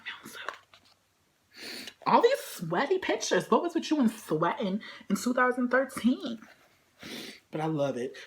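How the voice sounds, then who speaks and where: A woman's voice: high voice, a little hiss or hum. A young woman at home unboxing a photobook in a casual vlog, gushing and squealing, dropping now and then to a whisper. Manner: gushing, squealing fangirl, swings between shrieks and whispers.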